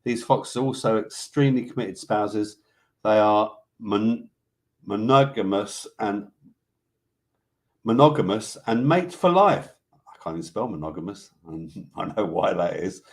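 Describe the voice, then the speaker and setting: This British host has a fairly low, expressive voice and a measured pace. On his casual live online show, he jokes and chats while reading out animal facts and comments from viewers.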